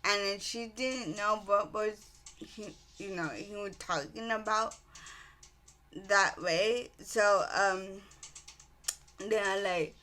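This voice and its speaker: Woman going over a book plot real slow, lots of ums and restarts, kinda sharp bright tone. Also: mid-range voice. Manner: rambling retelling with many ums and restarts. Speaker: book reviewer. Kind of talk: casual plot recap.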